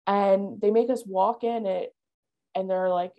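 A woman's voice: medium pitch, fairly even intonation, a little slow, dull audio. A woman, telling her life story as a podcast guest, candid and earnest with lots of "like" and "you know". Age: 20s. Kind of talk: personal storytelling interview.

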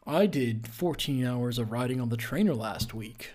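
A man's voice: mid-range voice, animated, moderate pace, darkish tone, voice pushed down, natural voice. Snobby male cyclist, boastful, smug, a man doing a voice.

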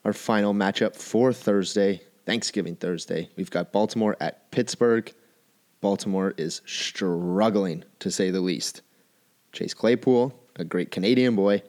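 A man with a somewhat low voice talks straight to his listeners as the host of a solo football picks show. He delivers his bets in an emphatic way and drives his points home by repeating key phrases. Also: steady tone, moderate pace, darkish tone. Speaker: sports betting show host. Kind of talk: solo sports picks commentary.

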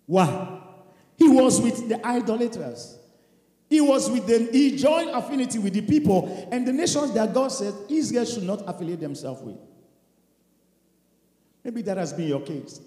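Impassioned male preacher, high voice, big swings from loud to quiet, long hall reverb. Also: lively intonation, moderate pace, pauses often. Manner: impassioned, swings from shouts to hushed tones, acts out prayers. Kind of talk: fiery sermon. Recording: echoey hall.

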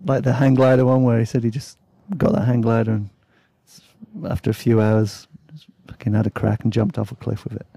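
Aussie bloke spinning a yarn, gravelly and husky, swears a lot, dry close sound. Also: male voice, medium pitch, little pitch movement, brisk, mellow, dry recording. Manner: blunt, swears freely, cheeky. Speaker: storyteller. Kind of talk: casual storytelling narration.

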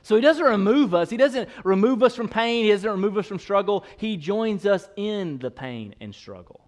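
A male pastor delivers a lively, joking sermon, often speeding up and then slowing down for emphasis. His voice sits high for a man. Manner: animated, playful, shifting pace.

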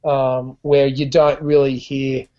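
An Australian musician guest tells stories conversationally, rambling with frequent restarts and fillers. His medium-pitched voice is level, slow, and dark in tone, and the audio sounds dull.

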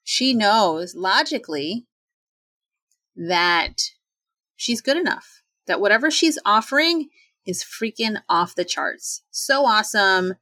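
A woman in her forties in casual talk, chatty and animated, acting out quoted voices with sudden jumps in pitch. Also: slow, no room sound. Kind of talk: casual talk on self-doubt.

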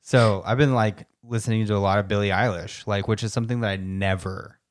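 A man's voice: lowish voice, steady tone, brisk, slight background noise. A man co-hosting a podcast, chatting casually in a rambling way full of fillers. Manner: rambling, filler-heavy, restarts often. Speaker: podcast co-host. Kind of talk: casual chat.

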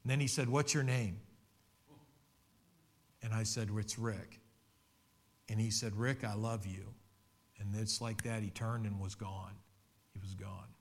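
A man's voice: on the low side, steady tone, unhurried, gravelly, long pauses. A middle-aged man preaching a sermon, telling a personal testimony in an earnest, conversational way with many restarts. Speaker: pastor.

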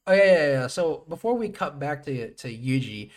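A man's voice: fairly high pitch, moderate pace. A young man co-hosting a podcast, casually recapping an anime episode with lots of swearing and acted-out quotes. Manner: profane, animated retelling with acted-out quotes. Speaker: podcast co-host.

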